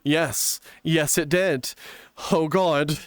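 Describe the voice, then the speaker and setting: A man's voice: fairly high pitch, fairly even intonation, extremely slow, clean tone, no echo, studio quality. A man streaming live, chatting casually and playfully, giggling often and reading viewer comments aloud.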